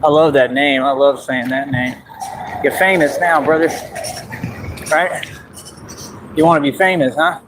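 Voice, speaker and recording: A man's voice: a little high, a little slow, long pauses, noisy background. A man streaming live, talking casually and with energy to a rival who is not there. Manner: animated, talks to an absent rival. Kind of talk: casual livestream rant. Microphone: streaming mic.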